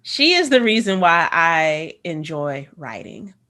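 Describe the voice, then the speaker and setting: A woman and teacher on a podcast chatting casually, lively with frequent laughs and quick asides. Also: lowish voice. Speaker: podcast co-host, music teacher.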